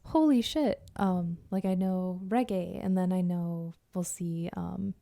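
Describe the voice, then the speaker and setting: A woman co-hosting a casual podcast, chatty and enthusiastic, filling her talk with "like" and "um". Her voice sits a little low and sounds mellow and warm. It is recorded close and dry, with no room around it. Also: little pitch movement, slow pace, vocal fry, dry recording. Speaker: podcast co-host.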